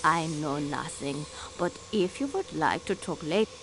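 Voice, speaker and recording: A solemn, pious elderly woman in a mystery game. Her voice is very low and gravelly, and she speaks slowly. A clear hiss runs under the game audio. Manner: grave, sorrowful, slow. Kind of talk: video game voice acting.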